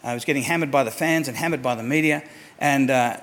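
A man preaching a sermon to his church, emphatic, repeating words for stress and moving between soft asides and raised declarations. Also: mid-range voice, fast. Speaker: pastor.

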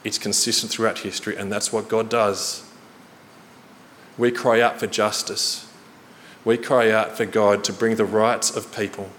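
Earnest low-voiced man preaching in hall. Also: level tone, unhurried, fairly bright tone. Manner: earnest, storytelling, varies pace for emphasis. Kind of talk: sermon. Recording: reverberant hall, faint noise.

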